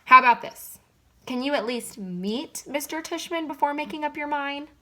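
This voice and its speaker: A woman reading a storybook aloud, voicing a gentle mother who softly coaxes her son. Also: high-pitched, moderate pace, pitched above the performer's own voice. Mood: coaxing.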